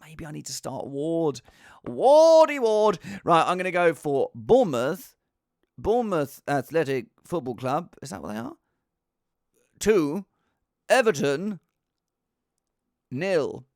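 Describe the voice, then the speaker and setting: Excitable man with a lively, springy voice. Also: a little slow, vocal fry, long pauses, dry recording, studio quality. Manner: excitable, jokey, jumps to high exclamations. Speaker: fantasy football podcast host. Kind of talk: casual solo score predictions.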